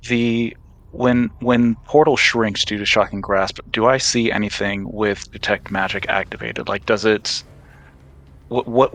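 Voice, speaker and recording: Gravelly-voiced man at a tabletop game. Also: on the low side, a bit bright. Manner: questioning, repeats words while thinking. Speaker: player. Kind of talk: casual tabletop play.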